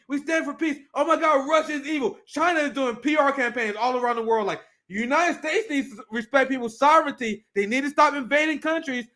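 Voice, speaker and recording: A man hosting casual political commentary, swearing often, laughing, and reading clips aloud as he reacts. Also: extremely high pitch. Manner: profane, animated, laughs often.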